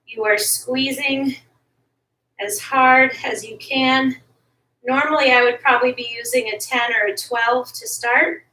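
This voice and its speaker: High, bright woman coaching a workout. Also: steady tone, unhurried. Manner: motivating, pushes listeners to keep going. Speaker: fitness instructor. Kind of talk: workout coaching while exercising. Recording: echoey room, distant from mic.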